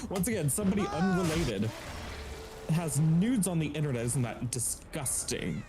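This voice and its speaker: A man's voice: a little high, animated, moderate pace, over a noisy crowd. A man co-hosting a live stream, rambling casually with lots of fillers and hesitations. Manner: rambling, full of "like" and "um". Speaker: co-host. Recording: noisy background.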